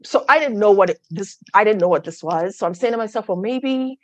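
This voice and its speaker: A woman's voice: medium pitch, expressive, quick pace, no room sound. A woman giving a candid personal testimony talk on a video call, telling her story with asides to her listeners. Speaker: guest speaker.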